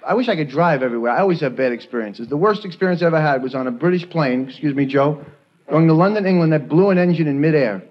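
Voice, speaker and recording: A young man from New York doing a stand-up routine, delivering quick punchlines and slipping into silly voices. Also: a little high, lively intonation. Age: young adult. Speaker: stand-up comedian. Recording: dull lo-fi 1980s TV audio, loud hiss. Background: studio audience laughter.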